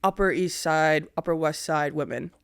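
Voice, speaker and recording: A woman's voice: low voice, normal speed, creaky, clear, resonant tone, dry recording. A woman with a Boston accent hosting a podcast, chatting casually, laughing often and swearing freely. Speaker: podcast host. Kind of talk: casual chat.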